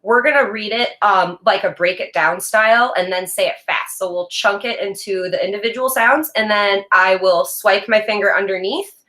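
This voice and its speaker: A woman teaching a reading lesson to young students in a recorded video, speaking slowly and clearly and praising them often. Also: medium pitch, sharp tone. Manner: slow, clear, encouraging teacher talk with drawn-out words. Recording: echoey room.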